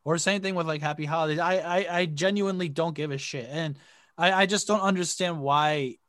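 Young man from Connecticut, higher voice, dry close sound, rambling casual podcast talk with swearing. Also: fairly even intonation, moderate pace, fairly bright tone, no echo. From Connecticut, USA. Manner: rambling, lots of "like" fillers, swears freely. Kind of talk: casual chat.

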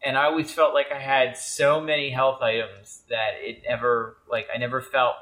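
A man's voice: mid-range voice, little pitch movement, normal speed, fairly bright tone, rough recording. A man co-hosting a casual podcast, rambling through his thoughts with lots of "like" and "uh". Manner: rambling, many "like" and "uh" fillers. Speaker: podcast co-host. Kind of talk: casual chat about a video game.

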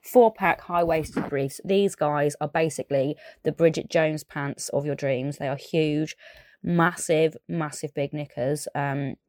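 A woman's voice: sits low, steady tone, unhurried, darkish tone, no echo. Chatty Southern English woman, dry sound. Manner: chatty, enthusiastic, with fillers and asides. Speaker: podcast presenter. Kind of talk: casual chat.

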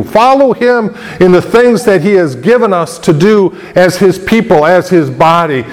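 A male pastor preaching a sermon, asking rhetorical questions and repeating his points for emphasis. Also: sits high. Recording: long hall reverb.

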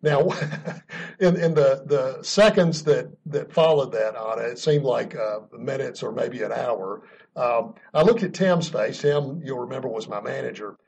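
A man's voice: medium pitch, measured pace, vocal fry, darkish tone, breathy edge. A man telling a story in an earnest, emphatic way, chuckling now and then, as a guest being interviewed about leadership. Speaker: podcast guest speaking on leadership.

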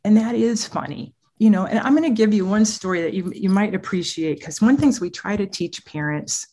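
A woman's voice: medium pitch, a little fast. A middle-aged woman, a therapist guest in an interview, telling parenting stories with frequent laughs. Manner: animated storyteller, laughs often. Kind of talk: podcast interview.

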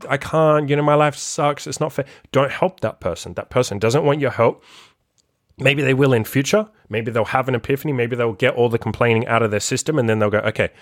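A man's voice: mid-range voice, no room sound, studio quality. A man who coaches people on self-improvement, talking in a blunt, profane, casual monologue full of "like" and acted-out quotes.

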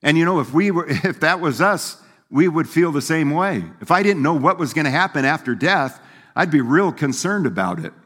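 Preaching in a slightly high, somewhat bright voice, this man keeps a moderate pace and a lively, rising-and-falling delivery. He's a pastor with a homey, chatty manner who laughs and acts out the voices he quotes. The room adds a long hall reverb.

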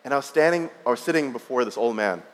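A man's voice: mid-range voice, expressive, fast. A man in his thirties preaching a sermon, telling a personal story in a conversational way with frequent restarts. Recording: long reverb of a large hall.

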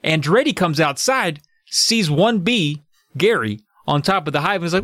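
A man's voice: on the high side, lively intonation, normal speed, a bit bright, no room sound, studio quality. A man co-hosting a podcast, recapping a book's plot in loose, profane casual chat with little sound effects. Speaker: podcast co-host.

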